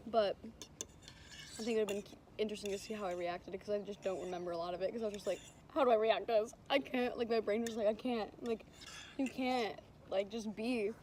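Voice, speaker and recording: A woman's voice: mid-range voice, fairly quick. A young woman vlogger telling a story in casual chat, acting out what people said. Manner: animated storytelling, acting out quotes. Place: vacation house near a beach. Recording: noisy background.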